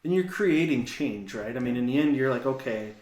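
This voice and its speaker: A man co-hosting a casual faith-based talk, thinking out loud and often checking in with "right?". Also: mid-range voice, expressive, a little fast. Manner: says "right?" a lot, reflective, backs up his co-host. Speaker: podcast co-host. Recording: echoey room.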